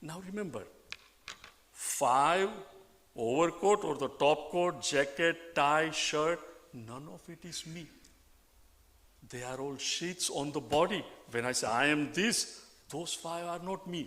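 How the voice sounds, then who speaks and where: A man's voice: on the high side, slow, a bit bright, long reverb tail. A man with an Indian accent giving a scripture class, explaining ideas patiently and checking in with "right?" after each point. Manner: conversational teaching with frequent rhetorical "right?". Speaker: spiritual teacher.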